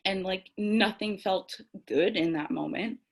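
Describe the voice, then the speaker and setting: A young woman talks through a spiritual lesson in a candid, conversational way. She moves between calm reflection and frank personal storytelling, with light self-mocking laughter and the odd casual curse. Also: medium pitch, a little slow, gravelly, husky. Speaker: tarot and self-care host. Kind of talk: reflective spiritual talk to camera.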